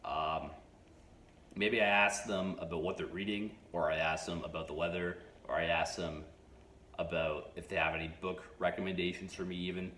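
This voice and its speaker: A man hosting a self-improvement channel, giving advice straight to camera in a halting way, restarting his phrases and taking measured pauses. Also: low voice, flat delivery, pushed and bright. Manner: halting, frequent restarts and stutters. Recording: echoey room with faint noise.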